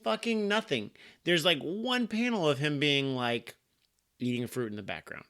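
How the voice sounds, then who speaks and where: A man co-hosting a podcast, ranting in a casual, animated way with plenty of swearing. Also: medium pitch, normal speed. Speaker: podcast co-host. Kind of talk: casual chat.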